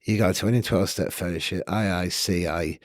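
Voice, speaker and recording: Deep-voiced man, earnest storyteller. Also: steady tone, a little fast, no echo, studio quality. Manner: earnest, rambling, frequent "you know what I mean". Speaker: podcast guest. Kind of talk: casual candid storytelling.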